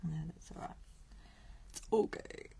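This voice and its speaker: A woman's voice: measured pace, mellow, a little hiss or hum. A woman from Australia hosting a live card-making stream, chatting and thinking aloud as she works. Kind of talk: live crafting stream chat.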